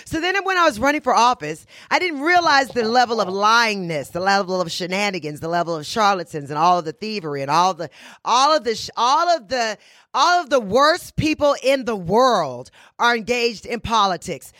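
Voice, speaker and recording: Sassy woman podcaster, bright forceful voice, dry close sound, repeats stuff for punch. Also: medium pitch, animated, moderate pace, dry recording. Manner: blunt, boastful self-talk. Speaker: podcast and radio host. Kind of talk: casual monologue.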